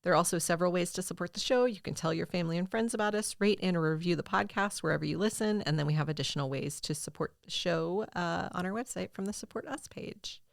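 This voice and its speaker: Gravelly-voiced woman podcast co-host. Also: lowish voice, quick pace, hardly any pauses, no echo, clean studio sound. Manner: relaxed, brief replies, reads outro plugs. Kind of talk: casual chat and show outro.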